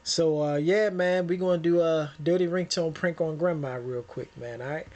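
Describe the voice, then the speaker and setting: A man hosting a casual reaction video, talking in relaxed slang. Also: a little high, normal speed. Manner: laid-back slang, breaks into loud laughter. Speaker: reaction YouTuber.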